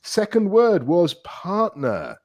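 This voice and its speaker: Encouraging man teaching English, lively pitch. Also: dry recording. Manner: encouraging, praises often, drills words slowly. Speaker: English teacher and podcast host. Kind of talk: relaxed teaching podcast.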